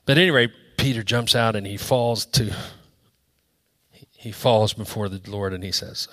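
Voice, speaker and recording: A male pastor preaching a sermon to his congregation, rising to loud emphatic peaks and dropping to quiet, low asides. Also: normal speed. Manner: dynamic preaching, swinging from loud high peaks to soft low drops. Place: church.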